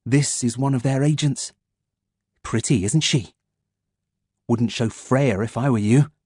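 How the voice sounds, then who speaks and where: A man reading an audiobook, voicing a scheming male scientist villain who taunts in a silky, mock-gentle manner. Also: medium pitch, a little slow, slightly rough, dry recording, clean studio sound. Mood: taunting.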